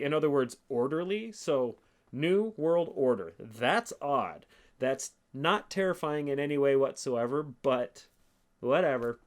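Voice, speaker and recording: A man hosting his own podcast, talking in a casual, profane and sarcastic monologue, reading quotes aloud slowly. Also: medium pitch. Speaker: podcast host.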